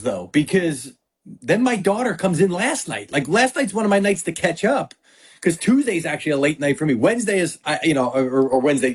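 Animated husky middle-aged man. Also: a little high. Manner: animated storyteller, acts out quotes. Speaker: sports reporter guest. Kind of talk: casual sports talk.

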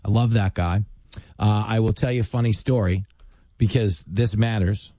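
A man's voice: lowish voice, normal speed, dry recording. Joking male radio talk host, dry sound. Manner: self-deprecating, animated joking. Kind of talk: casual radio chat and storytelling.

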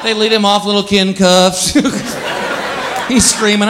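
A man doing stand-up comedy, animated and slipping into quick voices for his bits. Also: high-pitched. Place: live comedy venue with laughing audience. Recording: live stage recording with crowd noise.

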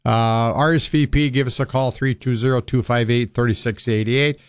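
A man's voice: mid-range voice, steady tone, moderate pace, clean tone, no room sound, clean studio sound. A man in his sixties with a Minnesota accent, a financial advisor talking plainly and bluntly on a radio show. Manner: folksy, blunt, plain-spoken. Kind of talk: casual radio talk.

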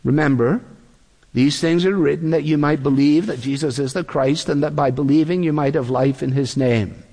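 A man preaching a sermon in a measured, deliberate way, acting out the quotes he reads. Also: fairly high pitch, dark tone. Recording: long reverb of a large hall.

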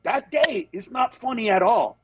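A man, a comedian guest, telling stories in casual chat, animated and acting out other people in high voices, then turning earnest. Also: moderate pace, breathy edge, no echo, poor audio. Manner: turns earnest and reflective. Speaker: comedian guest on a talk show.

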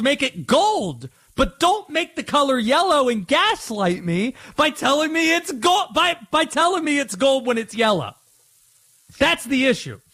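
Sports radio host, man, higher voice, swooping lively delivery, playful rants. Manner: animated, playful ranting.

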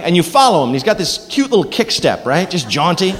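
Man, stand-up comedian, animated delivery, somewhat high voice, echoey live club recording, noisy. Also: brisk. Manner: animated, slips into silly voices for bits. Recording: live club recording with hall echo and noise.

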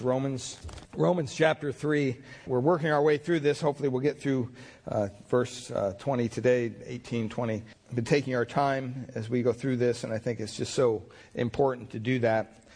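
A man's voice: medium pitch, fairly even intonation, normal speed, darkish tone. Folksy storytelling pastor, man. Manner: folksy storytelling with many fillers and restarts. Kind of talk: conversational sermon.

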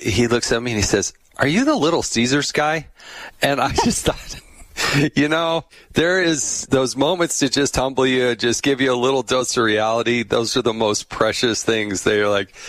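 Low-voiced chatty male podcast host. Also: a bit bright, no room sound. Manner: chatty, laughs often, acts out quoted voices. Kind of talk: casual interview chat.

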